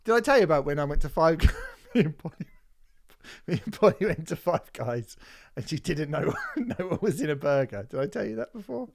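Lively, sweary man. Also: fairly high pitch, brisk, creaky. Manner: animated, laughing storyteller who swears often. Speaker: podcast co-host. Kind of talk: casual chat.

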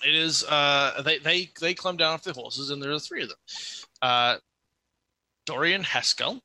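A man's voice: fairly high pitch, measured pace, bright, forceful tone, no room sound. A man narrating as game master of a tabletop game, setting scenes in a loose, descriptive way.

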